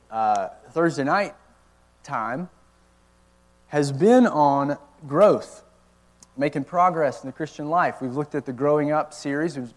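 A man with a slightly high voice delivers a teaching sermon to young adults. He asks the audience one rhetorical question after another, then explains each point patiently. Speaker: college ministry teacher.

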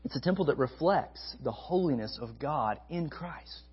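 A man preaching a sermon to a college ministry, emphatic, repeating key phrases and swinging between loud stresses and soft asides. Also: on the high side, expressive, moderate pace, husky, highs cut off.

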